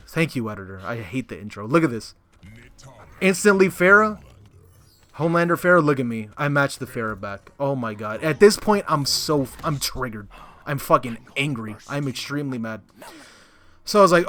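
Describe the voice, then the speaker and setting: A man's voice: mid-range voice, pushed and bright. A young man giving profane, frustrated commentary over his own fighting game match footage. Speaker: gaming content creator.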